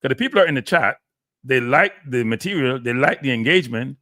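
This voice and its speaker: A man's voice: medium pitch, animated, fairly quick, sharp tone, dry recording, clean studio sound. A Jamaican man hosting a live stream, annoyed and pleading with his viewers. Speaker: live show host.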